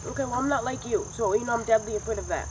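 A woman's voice: a little high, rapid-fire. An older woman, a grandmother, shaken and defensive in a backyard. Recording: distant, loud outdoor noise.

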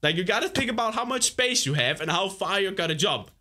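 A young man on a headset coaches a player through a game, patient one moment and whooping the next. His voice is bright and very lively in pitch. He laughs often between his tips. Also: fast, slight background noise. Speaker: gaming host. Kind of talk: gaming commentary, coaching a player.

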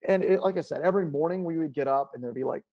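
A man giving a conference keynote, telling an animated story and jumping into high pitch for the voices he quotes. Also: very fast, highs cut off. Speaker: keynote speaker. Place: conference stage.

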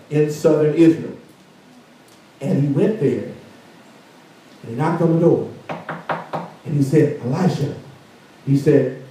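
Preaching pastor in an echoey church. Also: male voice, a little high, dark tone. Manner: preaches with rising fervor, acting out the story's characters. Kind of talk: sermon. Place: church sanctuary. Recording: distant mic in a very echoey church.

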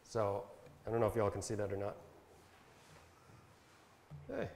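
A man presenting a Bible translation workshop, explaining step by step in a casual instructional style with fillers, and reading verses slowly. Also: fairly low pitch, very animated, gravelly, a little mellow, slight background noise. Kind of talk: casual instructional talk with screen demo. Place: talk given at a camp session. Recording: echoey room sound.

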